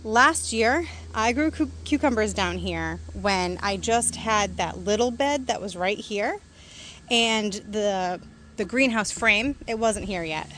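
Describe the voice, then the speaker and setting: A woman chatting casually and excitedly while showing her backyard garden plants outdoors. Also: medium pitch, slow, slight background noise. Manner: chatty and excitable, laughs easily. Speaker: gardening vlogger.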